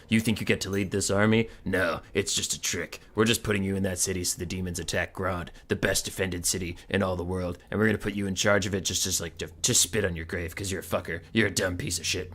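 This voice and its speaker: A man's voice: deep voice, gravelly, fairly bright tone, heavily acted. A man voicing a boastful male elf general who mocks and taunts crudely. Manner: sneering, mocking.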